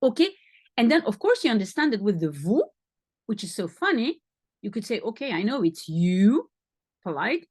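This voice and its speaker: A woman's voice: medium pitch, sing-song, normal speed, a little mellow, breathy edge, dry recording. A woman teaching a language lesson, patiently explaining and repeating sounds for her student.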